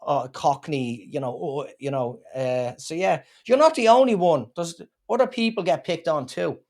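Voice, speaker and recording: A man with an Irish accent, a comedian being interviewed, telling stories in a lively, joking way. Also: a little high, moderate pace. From Ireland. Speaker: guest comedian. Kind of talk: casual chat.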